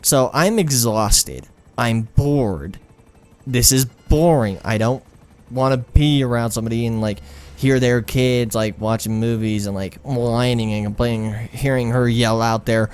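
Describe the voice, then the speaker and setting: A man's voice: mid-range voice, a little slow, a little mellow, clear, resonant tone. A young man telling a personal story over gameplay in a rambling, profane, frank way. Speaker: gaming storyteller.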